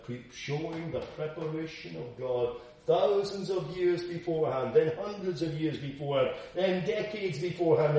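A man preaching an expository Bible sermon, earnest and emphatic, with slow deliberate stretches. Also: mid-range voice, mellow. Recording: echoey room, distant mic.

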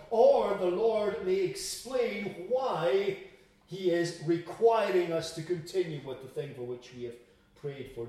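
Man, sermon, reads verses then explains them, slightly high voice, echoey room, distant mic. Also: dark tone. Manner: reads scripture aloud, then explains it plainly. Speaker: preacher.

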